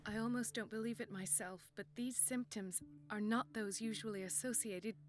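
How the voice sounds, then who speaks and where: A woman's voice: mid-range voice, steady tone, normal speed, close to an everyday voice. An actress voicing a principled female doctor who speaks earnestly and firmly in a video game. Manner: earnest, firm. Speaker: physician.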